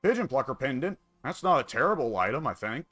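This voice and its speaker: A man's voice: medium pitch, very animated, quick pace, fairly bright tone, dry recording. A man casually commenting on his own strategy game, musing and wry, talking half to himself. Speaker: gameplay commentator.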